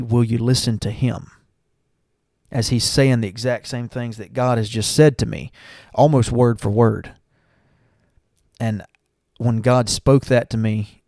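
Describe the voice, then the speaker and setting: A man's voice: medium pitch, a little mellow, dry recording, studio quality. A young man, earnestly telling his church testimony and talking to listeners as y'all. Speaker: church member giving testimony. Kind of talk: personal testimony.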